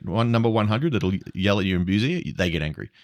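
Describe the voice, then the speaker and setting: Fast-talking Australian restaurant owner. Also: male voice, fairly low pitch, dry recording. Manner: animated anecdotes with acted-out quotes, swears freely. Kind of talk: casual storytelling chat.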